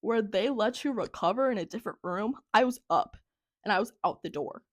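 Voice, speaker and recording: A woman's voice: medium pitch, expressive, a little fast, no room sound, clean studio sound. A young woman telling a story as podcast co-host in casual chat, rambling with lots of "like" and frequent laughs. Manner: rambling, heavy use of "like", laughs often.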